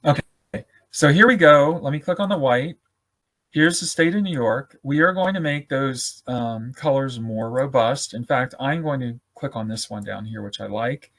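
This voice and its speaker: Man, webinar presenter, mid pitch, hoarse, casual demo talk, thinks aloud, computer mic. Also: normal speed, a bit bright. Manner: informal, self-correcting, thinks aloud. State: losing his voice. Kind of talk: live software demonstration.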